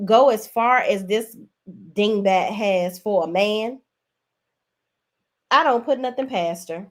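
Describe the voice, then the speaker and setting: A woman's voice: a little high, animated, normal speed. A woman hosting a casual gossip commentary show, talking in a sassy, blunt, exclaiming way. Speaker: host.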